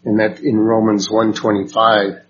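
A man's voice: on the low side, completely flat delivery. A man teaching a Bible study class, reading verses and asking the group questions. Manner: slow and unhurried, asks the group questions. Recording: dull lo-fi recording with faint noise.

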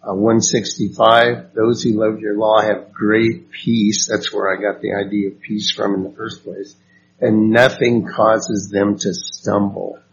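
Reading scripture aloud and questioning his group, a Bible study teacher takes his time. He speaks low with little pitch movement, and the recording is dull, lo-fi and faintly noisy.

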